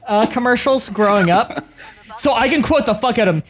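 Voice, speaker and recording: A woman's voice: fairly high pitch, lively intonation, brisk. Canadian woman on a stream call, swears a lot, blunt and jokey. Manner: blunt, swears freely, joking. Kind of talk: casual gaming stream chat.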